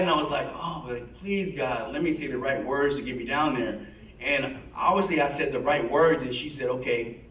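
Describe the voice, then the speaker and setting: A man's voice: on the high side, a bit bright, slight background noise. A man in his fifties telling a personal recovery story to an audience, acting out the voices of the people in it. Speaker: guest speaker. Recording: echoey hall, mic from a distance.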